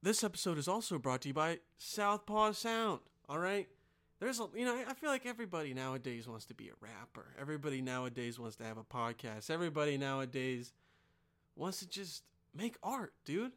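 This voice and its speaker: A man hosting a podcast, doing a rowdy, profane comedic ad read with sudden loud outbursts. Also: a little high, very animated, fairly quick. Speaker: podcast host.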